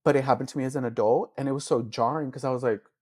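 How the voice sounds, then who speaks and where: A man's voice: mid-range voice, steady tone, very fast, a little mellow, husky. A beauty influencer, a man, speaking as an interview guest, telling his story in a heartfelt way with many fillers and acting out his own past thoughts. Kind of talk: candid emotional interview.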